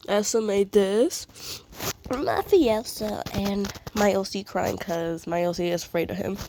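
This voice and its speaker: A woman's voice: mid-range voice, darkish tone, a little hiss or hum. A woman who has a cold, sniffling as she chats casually and apologetically while showing off her fan art. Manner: apologetic, rambling, giggly. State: sick and sniffly. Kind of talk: casual showcase chat.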